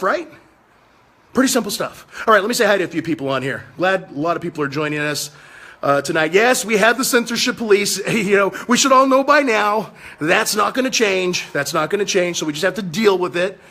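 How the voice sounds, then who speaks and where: A man's voice: high-pitched, fairly bright tone. A man in his fifties hosting a political livestream, talking in a fiery, combative, preaching way. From United States. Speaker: livestream host.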